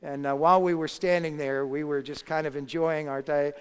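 A man's voice: a little high, steady tone, a little fast, clear, resonant tone. A man preaching a sermon, telling a story and building to emphatic moments. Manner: storytelling, rising to emphatic peaks. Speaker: pastor. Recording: long hall reverb.

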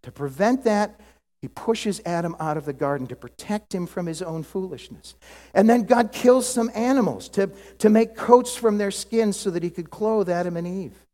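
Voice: medium pitch, dark tone. American preacher in a reverberant hall. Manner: conversational, with joking asides to the congregation. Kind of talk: sermon.

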